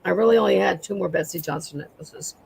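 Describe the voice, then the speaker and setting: A woman with a raspy voice, a guest seller chatting casually on a live sale and describing jewelry pieces. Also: on the low side, quick pace, darkish tone, slight background noise, poor audio.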